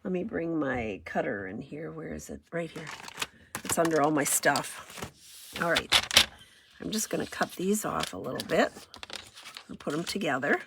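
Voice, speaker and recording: A woman's voice: fairly low pitch, vocal fry, noisy background. A woman running a casual crafting demo, chatty and self-deprecating, thinking aloud as she works. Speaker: craft demonstrator.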